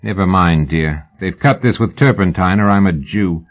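A man voicing a sly, lean Victorian London swindler who talks low and soberly. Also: moderate pace. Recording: phone-like narrow band.

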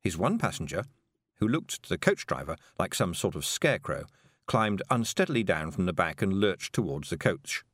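A man reading a storybook aloud, expressive and lively. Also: deep voice, normal speed, no echo, clean studio sound. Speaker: audiobook narrator. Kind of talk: scripted storybook narration.

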